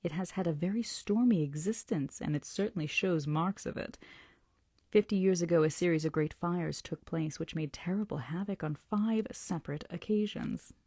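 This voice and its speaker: A woman hosting a book club, reading a novel aloud slowly and deliberately, often dropping into whispers. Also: on the low side, warm tone, no echo, clean studio sound. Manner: slow, deliberate, dips into whispers.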